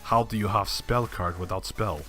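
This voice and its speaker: A man voicing a male forum poster in a deliberately bad fake Russian accent, speaking stilted broken English without articles. Faint music plays behind him. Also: lowish voice, fairly even intonation, fairly bright tone, close to an everyday voice. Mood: mock-puzzled. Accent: mock Russian.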